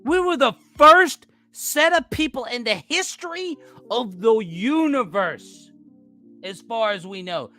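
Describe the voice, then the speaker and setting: Ranting man with a bright, swinging voice. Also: high voice. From United States. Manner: ranting, profane, repeats himself, argues with chat. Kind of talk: heated casual rant.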